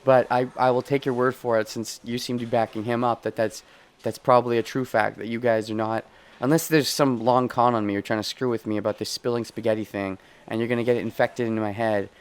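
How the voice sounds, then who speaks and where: A man's voice: medium pitch, fairly even intonation, quick pace, clean tone. A man streaming a game, chatting in a rambling, self-correcting way and reading story text aloud. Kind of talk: casual let's play commentary.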